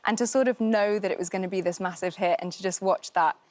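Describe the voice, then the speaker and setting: A woman's voice: medium pitch, fast talker, darkish tone, dry recording. A woman in her thirties, an actress guest on a morning talk show, chatting in a bubbly, giggly way with plenty of fillers. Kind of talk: casual chat interview. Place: television studio.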